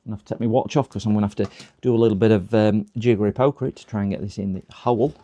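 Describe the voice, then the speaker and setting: A man's voice: lowish voice, steady tone, racing, warm tone, slight background noise. A man chatting on a live repair stream, muttering to himself as he works and poking fun at his own mistakes. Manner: chatty, muttering while working, self-mocking.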